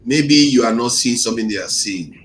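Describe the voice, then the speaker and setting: A man moderating a discussion, speaking calmly and softly. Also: mid-range voice, a little fast, slight background noise. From Nigeria.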